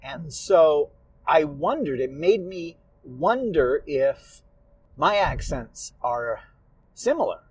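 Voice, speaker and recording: A man's voice: on the high side, expressive, slow pace, slight background noise, low-quality recording. A man who narrates and writes audiobooks, talking through his thoughts in a casual monologue with small restarts.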